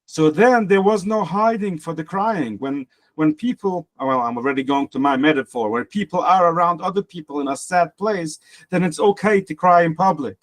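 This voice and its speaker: A man's voice: fairly high pitch, normal speed, hardly any pauses. A man teaching a Talmud lesson in casual style, translating the text phrase by phrase and explaining with examples. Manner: translates phrase by phrase, repeats words, explains with parables.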